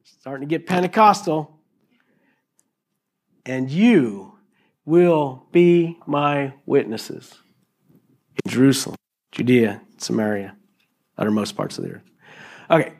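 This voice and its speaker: A middle-aged man preaching a sermon in an animated, jokey way, acting out little voices as he goes. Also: mid-range voice. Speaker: pastor.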